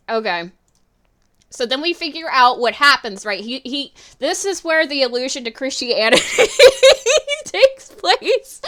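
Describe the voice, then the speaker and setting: Woman, streamer, giggly, swears freely, slow-paced, slightly high voice. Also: bright, forceful tone, clean tone. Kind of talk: casual livestream commentary while drawing.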